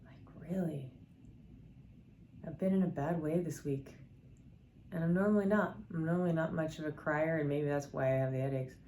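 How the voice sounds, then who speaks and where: Low-voiced middle-aged woman telling devotional stories. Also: steady tone, brisk, mellow, a little hiss or hum. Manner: earnest, candid, with many fillers and restarts. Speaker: scripture storyteller. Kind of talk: personal devotional storytelling.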